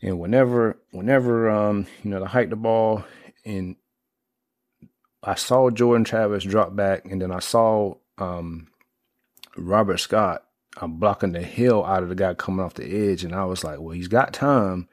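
A middle-aged man in casual sports talk, rambling with lots of fillers and restarts, getting excitable as he retells plays. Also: deep voice, unhurried, dry recording, studio quality.

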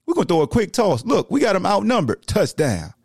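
A man hosting a sports podcast launches into a heated, slangy rant. His voice sits a bit high and swings widely up and down as he gets worked up. The recording is close and dry, with no room echo. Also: brisk, creaky, slightly rough. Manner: animated, slangy, heated ranting. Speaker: podcast host.

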